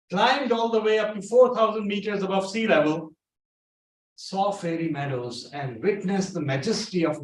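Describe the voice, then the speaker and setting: A man tells a funny tale in a lively, theatrical way, his voice swooping up and down. He stands some way from the mic, and the echoey room carries his voice. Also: sits high, far from the mic, slight background noise. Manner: animated, theatrical. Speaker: club speaker. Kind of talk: humorous storytelling speech. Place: meeting room.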